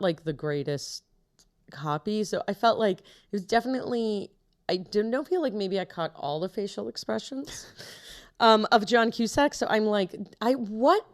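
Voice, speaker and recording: A woman's voice: mid-range voice, animated, measured pace. Rambling woman podcast co-host. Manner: rambling, loses her train of thought. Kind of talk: casual chat.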